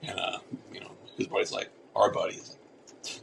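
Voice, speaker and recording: A man's voice: fairly low pitch, little pitch movement, brisk, gravelly, background noise. A man co-hosting a casual podcast, telling a rambling story with casual swearing and lots of restarts. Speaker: podcast co-host.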